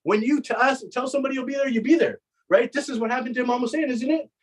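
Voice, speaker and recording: A man narrating a Muharram mourning sermon with impassioned storytelling, repeating phrases for emphasis and often halting mid-sentence. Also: very high voice, poor audio. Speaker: majlis speaker.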